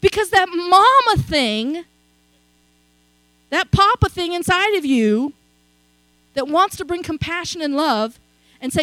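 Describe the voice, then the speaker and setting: A woman's voice: very high-pitched, lively intonation, slow, long pauses, fairly bright tone, dry recording, low-quality recording. A middle-aged woman preaching a sermon in a conversational storytelling way, often checking in with her listeners. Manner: conversational storytelling, frequent "okay?" asides.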